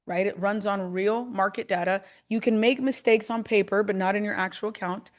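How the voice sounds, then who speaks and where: A woman hosting a live call, delivering an excited sales pitch for a trading program and repeating her phrases for emphasis. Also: moderate pace. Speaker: host presenting a trading program.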